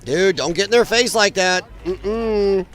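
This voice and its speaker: A man's voice: high-pitched, unhurried, a bit bright. A man hosting a live stream, commenting on protest footage in a blunt, mocking and profane way, rambling with frequent restarts. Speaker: livestream commentator.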